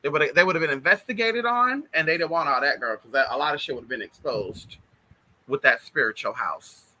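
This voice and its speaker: Bright high-voiced chatty man. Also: fairly quick, slight background noise, low-quality recording. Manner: animated, chatty, addresses listeners directly. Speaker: spiritual vlogger. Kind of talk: casual spiritual storytelling.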